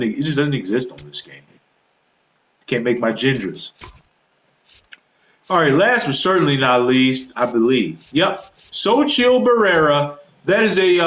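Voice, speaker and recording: Male gaming vlogger, mid pitch, loose and rambling delivery, roomy echo. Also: fairly bright tone. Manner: rambling, loose, with many fillers and self-corrections. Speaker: gaming video creator. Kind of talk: casual roster walkthrough.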